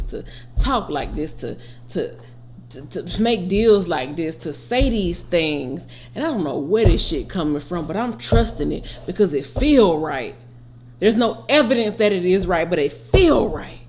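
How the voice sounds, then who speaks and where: A woman reacts to music in a relaxed, spoken way. Her voice sits low, and she muses emphatically in slangy street talk laced with cursing. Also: slight background noise. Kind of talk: casual album reaction commentary.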